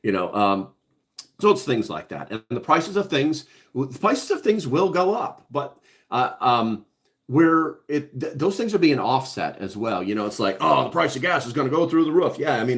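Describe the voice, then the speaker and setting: A man's voice: medium pitch, sing-song, normal speed. A middle-aged man hosting a casual livestream, reading chat comments aloud and answering bluntly, with many fillers and restarts. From Hawaii.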